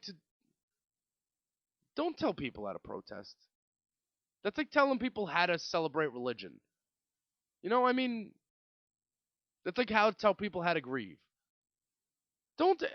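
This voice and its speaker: Animated New man ranting on a podcast. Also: high-pitched, moderate pace, pauses often, no echo, lo-fi sound. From Brooklyn, New York. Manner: ranting, swearing, rambling with restarts. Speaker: podcast host. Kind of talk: casual solo podcast monologue.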